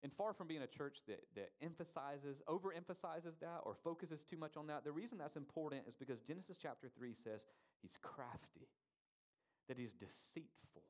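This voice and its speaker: A man's voice: a little high, moderate pace. Emphatic preacher man. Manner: emphatic, rhetorical questions to the congregation. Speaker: pastor. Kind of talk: sermon.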